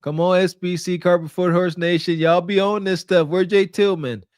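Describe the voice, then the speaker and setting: A man's voice: sits high, fairly even intonation, moderate pace, darkish tone, clear, resonant tone, no room sound, clean studio sound. A man hosting a podcast, giving teasing, incredulous reaction commentary and laughing at what he hears. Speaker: podcast host.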